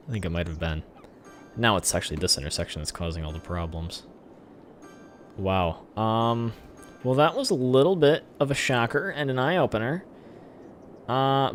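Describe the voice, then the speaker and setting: A man giving casual gameplay commentary, rambling and talking back at the game. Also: mid-range voice. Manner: rambling, talks to the game, erupts in shouted cheers. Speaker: gaming channel host.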